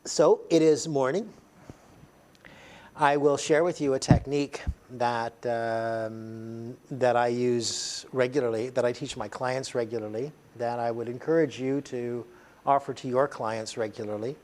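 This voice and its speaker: A man's voice: mid-range voice, steady tone, a little slow, darkish tone. A man teaching a workshop to a group in a training room, conversational and chatty with many fillers. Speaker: NLP trainer.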